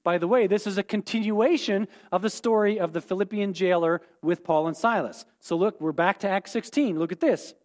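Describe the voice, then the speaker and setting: A man's voice: sits high, lively intonation, moderate pace, few pauses, a little mellow. A man teaching a Bible lesson, explaining terms and repeating key points, often checking in with "okay?".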